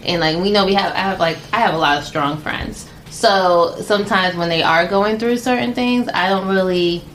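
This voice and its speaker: A woman's voice: on the low side, normal speed, a bit bright, low-quality recording. Woman, hesitant and searching for words, faint noise behind. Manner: hesitant, thinking aloud. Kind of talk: casual chat.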